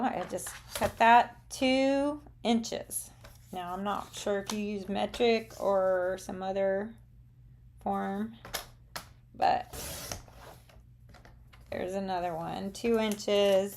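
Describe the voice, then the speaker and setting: A woman's voice: mid-range voice, creaky, a little mellow, a little hiss or hum. A middle-aged woman with a Southern accent, chatting casually and rambling a little with frequent ums as she hosts a live craft demonstration for viewers.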